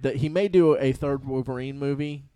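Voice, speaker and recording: A man's voice: mid-range voice, moderate pace, dark tone, clear, resonant tone, dry recording. A man co-hosting a casual group podcast, hesitant and full of ums. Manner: hesitant, lots of ums and restarts. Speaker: podcast co-host.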